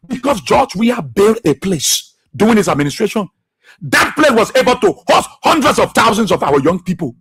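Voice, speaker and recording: High, bright, husky Liberian man. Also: sing-song, fairly quick. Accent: Liberian English. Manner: impassioned, repetitive, preachy. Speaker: radio talk show host. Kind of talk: political commentary monologue.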